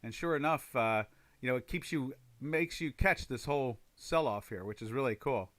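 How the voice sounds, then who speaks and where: Casual trading-stream host, male, bright forceful voice, rambling and filler-heavy, dry close mic. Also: medium pitch, moderate pace, no echo. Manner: rambling, reads viewer chat aloud, many fillers. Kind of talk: casual live-stream chat.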